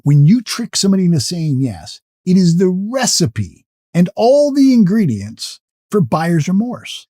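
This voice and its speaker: Husky man coaching sales, lively pitch. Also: no room sound, clean studio sound. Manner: emphatic, repeats key phrases, stammers on restarts. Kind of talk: spoken sales lesson.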